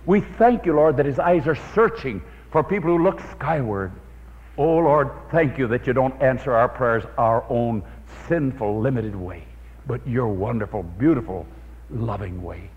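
In a church or meeting hall before an audience, a man gives an evangelistic sermon, telling stories animatedly and praying aloud. His mid-range voice is unhurried, and the old recording sounds dull with lots of hall reverb.

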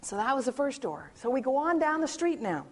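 A woman sharing a personal testimony as an animated story, acting out quotes and often restarting her sentences. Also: high-pitched, brisk, husky.

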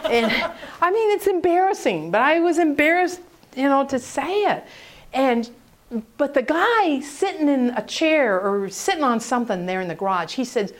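A woman speaking on prayer ministry, telling a story in an animated way and acting out the voices of the people in it. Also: high voice, normal speed. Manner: animated, acts out quoted voices. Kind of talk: storytelling talk.

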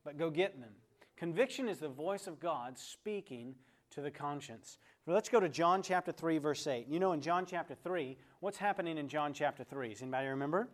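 A man's voice: fairly high pitch, fairly quick. A man teaching a conversational Bible lesson. He tells a story and then asks the class questions, calling on people by name.

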